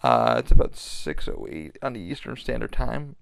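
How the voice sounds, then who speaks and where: A man's voice: fairly low pitch, sing-song, normal speed, gravelly, no echo. A man hosting a podcast in loose, rambling casual chat, swearing freely and filling gaps with ums and restarts. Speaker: podcast host.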